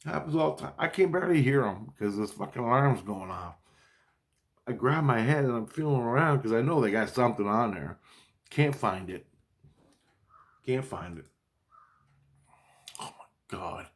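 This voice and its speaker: A man's voice: medium pitch, expressive, normal speed, pauses often. A man telling a story in a rambling, casual monologue, agitated and profane, often restarting his sentences. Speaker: vlogger recounting a dream.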